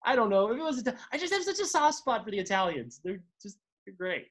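A man co-hosting a casual movie-review podcast rants with sarcastic exasperation and swearing. His voice is sing-song and fairly bright, swinging rapidly in pitch.

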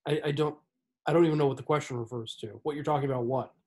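A man's voice: a little high, fairly even intonation, racing, a little mellow. A man co-hosting a casual movie podcast, teasing his co-host with dry pushback. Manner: dry, teasing, pushes back. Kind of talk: casual movie-review chat.

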